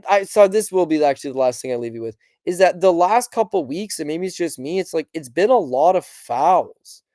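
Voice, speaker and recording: A man's voice: fairly high pitch, lively intonation, brisk, a little mellow, no echo, clean studio sound. A man hosting a sports podcast, talking in a passionate, rambling way and acting out quotes of fighters and fans. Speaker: podcast host. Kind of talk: casual sports commentary.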